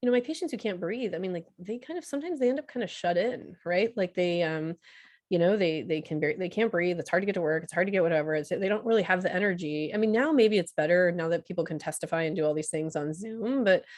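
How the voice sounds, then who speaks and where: A woman ICU doctor giving a casual, chatty talk full of fillers and quick laughs, over a video call. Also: fairly low pitch, darkish tone, no room sound, clean studio sound.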